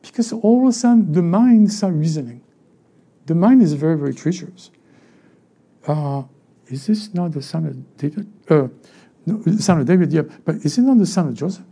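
A male pastor with a French accent delivers an animated sermon, breaking into little acted voices of church members. His voice sits high and has a gravelly edge, with a mellow, dark tone. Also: normal speed.

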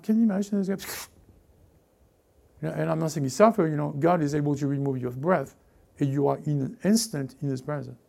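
A male pastor delivers a lively sermon in a mellow, gravelly voice pitched a little high. He acts out the voices he quotes and often restarts his sentences as he preaches. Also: fairly quick.

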